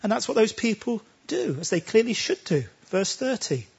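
A man's voice: high-pitched, big pitch swings, normal speed, vocal fry, slightly rough, dull audio. A man preaching a sermon, talking emphatically and pressing his listeners with rhetorical questions.

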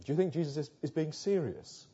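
A man's voice: fairly high pitch, a little fast, warm tone, slightly rough. A man preaching a sermon, earnest, asking rhetorical questions and building to emphatic passages. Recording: muffled lo-fi sound.

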